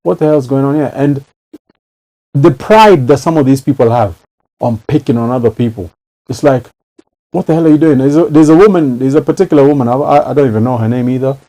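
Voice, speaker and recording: A man speaking in a mellow, dark voice at an ordinary pitch, talking in a relaxed conversational way. He is emphatic and often repeats his words for effect, like a host in a casual chat. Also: brisk, poor audio.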